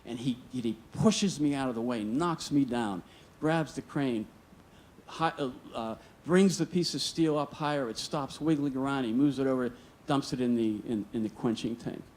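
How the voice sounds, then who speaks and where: A man's voice: mid-range voice, normal speed, darkish tone, a little hiss or hum. Male live storyteller, earnest and vivid, voices the dialogue himself. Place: stage at a museum storytelling event.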